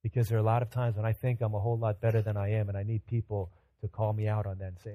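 A pastor giving a sermon, telling humorous self-mocking stories with animation, then turning earnest and quieter as he exhorts. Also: fairly low pitch, fairly even intonation, quick pace, hardly any pauses, no room sound, narrow, tinny audio.

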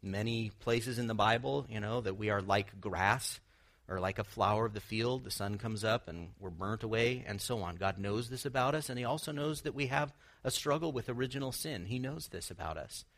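A man with a fairly low voice delivers a sermon. He teaches earnestly, posing rhetorical questions to his listeners and letting slip the occasional light laugh. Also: normal speed, fairly bright tone. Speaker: pastor.

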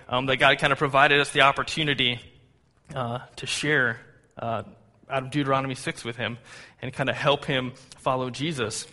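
A man's voice: a little high, bright, forceful tone. A man in his thirties, a pastor giving a conversational sermon with fillers and personal asides. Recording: long hall reverb.

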